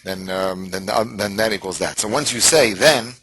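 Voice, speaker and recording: A man's voice: fairly low pitch, moderate pace, fairly bright tone, breathy edge, no echo, poor audio. A man in a study session, asking questions and working through ideas, hesitating as he searches for words. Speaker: student.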